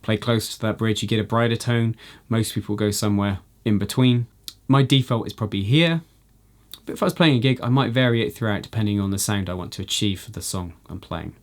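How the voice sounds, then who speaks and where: A man teaching a jazz guitar lesson, explaining in a relaxed way with frequent "you know" fillers. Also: on the low side, a little fast. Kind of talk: instructional video lesson.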